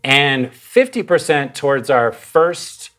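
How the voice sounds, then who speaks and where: Animated, jokey show host. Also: medium pitch, slow pace. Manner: jokey, animated, drifts off script. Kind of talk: casual show announcements.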